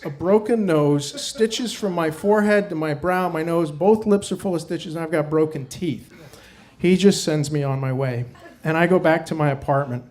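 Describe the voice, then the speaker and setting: A middle-aged man telling a true story on stage, wry and self-mocking, sinking low and quiet on the hard parts. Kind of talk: live personal storytelling. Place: stage before a live audience. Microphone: stage microphone.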